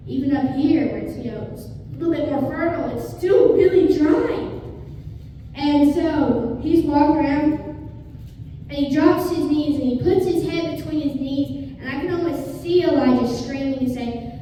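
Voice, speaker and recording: A woman preaches an earnest sermon, retelling a scripture story and acting out its voices. Her voice sits high but sounds mellow and warm. She is picked up from a distance in a large, echoing hall with a long reverb and faint room noise behind. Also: normal speed. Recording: echoey hall from far off.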